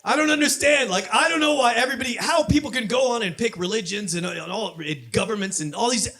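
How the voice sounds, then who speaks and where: On a club stage, a Southern California man performs stand-up comedy at a quick pace. His voice sits high, and his punchy delivery builds to shouted punchlines.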